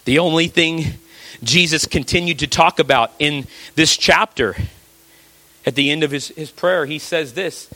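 In an unhurried, dry recording, a man preaching a sermon talks conversationally. This pastor leans on rhetorical questions and tends to go low and quiet to stress a point.

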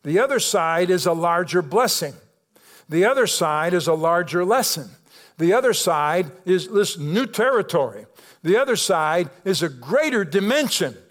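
High-voiced man preaching a sermon. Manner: preaching with call-outs to the congregation; swings from soft, slow emphasis to rising, emphatic calls. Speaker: pastor. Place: church.

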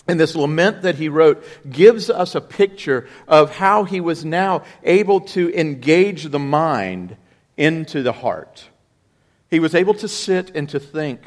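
A man's voice: on the high side, lively intonation, measured pace. Man preaching with sweeping dynamics. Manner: preaching with big swings from quiet reading to loud emphatic outbursts. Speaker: pastor. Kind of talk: sermon.

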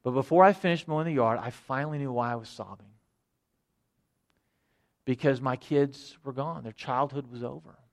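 A middle-aged man preaching a sermon, earnest, repeating phrases and moving between loud emphasis and hushed quiet. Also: medium pitch, moderate pace, pauses often. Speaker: pastor.

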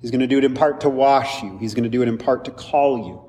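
A man's voice: medium pitch, fast, mellow. A male pastor preaching a sermon in a conversational, lightly humorous way, with asides to the congregation. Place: church sanctuary. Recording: distant mic with long hall reverb.

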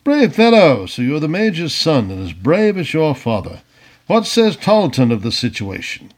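A man putting on an excitable old Tory miser. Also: fairly high pitch, normal speed, voice pushed up. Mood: gushing, excited. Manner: exclamatory, gushing, loud shouting.

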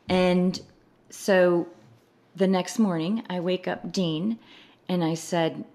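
Speaking slowly in a fairly low voice, a woman appears as a guest in a casual chat and tells a personal story. She retells it with animation, acting out the voices of the people she quotes and laughing through their lines.

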